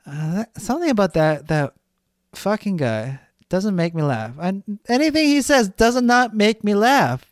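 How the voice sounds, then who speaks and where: A man's voice: high voice, big pitch swings, a little slow, no echo, clean studio sound. Blunt, swearing man ranting solo. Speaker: podcast host. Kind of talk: solo podcast monologue.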